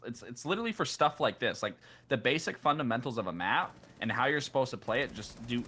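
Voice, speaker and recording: A man who used to play pro, breaking down a semi-pro match with blunt critique and plenty of filler words. His voice is bright and forward, with faint noise behind it. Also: lowish voice. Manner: critical, rambling, many fillers. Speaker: ex-pro co-caster. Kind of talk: casual game analysis.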